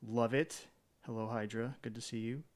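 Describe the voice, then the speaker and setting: A man's voice: medium pitch, steady tone, normal speed. A man streaming live in a casual chat, greeting viewers by name, rambling with hesitant fillers and self-deprecating jokes.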